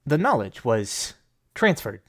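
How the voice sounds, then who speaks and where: Brief: a man doing a calm construct assistant with clipped, formal, machine-like replies. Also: medium pitch, slow pace.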